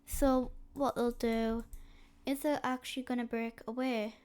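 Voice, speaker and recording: A woman narrates a map history video at an unhurried, halting pace. Her voice sits a little high and sounds stuffy from a snotty nose. She pauses often and fills the gaps with "um". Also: level tone, a little mellow, clear, resonant tone. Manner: hesitant, slow, with frequent fillers. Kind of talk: slow narrated map commentary.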